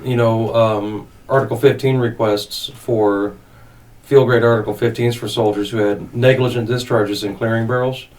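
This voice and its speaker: Man, podcast host, deadpan, mid-pitched, slightly off-mic, faint background hiss. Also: normal speed. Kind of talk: casual chat. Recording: distant mic with faint noise.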